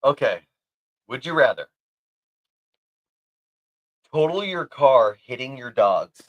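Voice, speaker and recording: A man's voice: medium pitch, sing-song, slow pace, dry recording, muffled recording. A man co-hosting a casual podcast, easygoing and rambling, often giggling as he talks. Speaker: podcast co-host. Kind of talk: casual chat.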